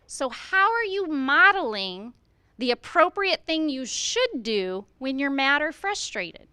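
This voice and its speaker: A middle-aged woman with a high, bright voice speaks to a room of educators with earnest conviction. She presses her point with a string of rhetorical questions and acts out the lines teachers might say to students. The recording is close and dry. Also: very animated, slow pace, dry recording. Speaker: school administrator speaking to educators. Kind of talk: presentation at a staff meeting.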